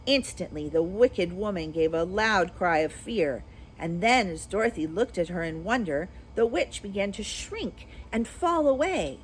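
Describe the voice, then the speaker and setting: A woman teacher reading a children's storybook aloud with expressive, animated storytelling. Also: medium pitch, measured pace, a little hiss or hum, poor audio.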